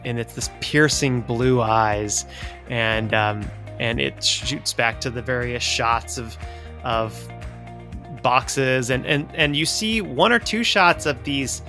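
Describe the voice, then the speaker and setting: A man narrating a tabletop role-playing game, feeling his way through each description with pauses, restarts and fillers. His voice sits at a middling pitch, with faint music underneath. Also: pushed and bright. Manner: halting, descriptive, many fillers. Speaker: game master.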